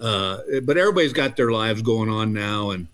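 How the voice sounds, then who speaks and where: A man's voice: fairly low pitch, lively intonation, brisk, a bit bright. A man in his sixties from Texas, a comedian telling self-deprecating stories with plenty of fillers in a casual interview. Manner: chatty, self-deprecating storyteller with many fillers. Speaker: comedian guest.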